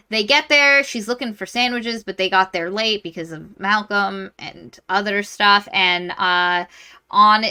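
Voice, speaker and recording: Bright-voiced woman podcast co-host. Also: medium pitch, smooth. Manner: animated retelling, acts out characters' lines. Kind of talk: casual book review chat.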